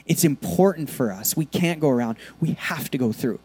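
A man preaching a sermon in a conversational, animated way, with lots of casual fillers. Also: on the high side, a little fast. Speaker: pastor.

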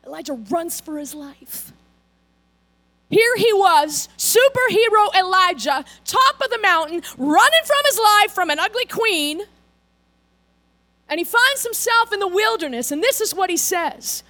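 A woman pastor preaching a sermon, telling a story in a casual, animated way and acting out the characters' lines. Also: very high-pitched, measured pace.

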